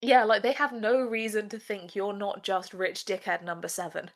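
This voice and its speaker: A woman's voice: mid-range voice, steady tone, moderate pace. A woman co-hosting a podcast, chatting animatedly in a casual review of a TV episode. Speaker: podcast co-host. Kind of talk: casual discursive review chat.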